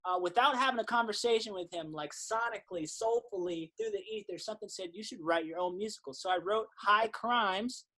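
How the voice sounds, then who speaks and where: A man's voice: high voice, fairly quick, few pauses. A man in his thirties, a singer-songwriter guest on a podcast, telling his story casually and acting out the quotes. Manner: animated storyteller, acts out quotes, swears casually.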